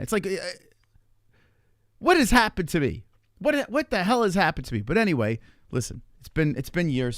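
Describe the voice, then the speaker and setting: A man in his forties telling a long story to his stream chat in a rambling, profane, animated way. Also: on the high side, no echo, clean studio sound. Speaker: live streamer.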